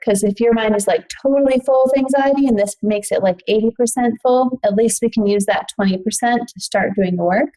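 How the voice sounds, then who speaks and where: A woman's voice: a little high, a little fast, few pauses, warm tone, low-quality recording. A woman guest, a psychologist, explaining in casual talk and often saying "like".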